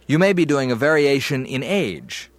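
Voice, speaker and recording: A man's voice: medium pitch, sing-song, normal speed, no room sound. A male voice actor explaining how he performs older and younger voices, thinking aloud with examples. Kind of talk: explaining technique.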